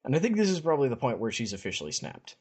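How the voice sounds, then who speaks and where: A man's voice: medium pitch, big pitch swings, racing, a little mellow, slightly rough. A man casually retelling a fantasy story on a podcast, chatty and wry. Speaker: podcast co-host.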